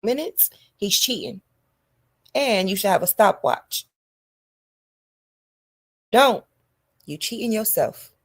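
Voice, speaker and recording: A woman hosting a podcast, delivering a loud, animated comedic monologue to her listeners. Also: mid-range voice, slow pace, long pauses, slightly rough. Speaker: podcast host.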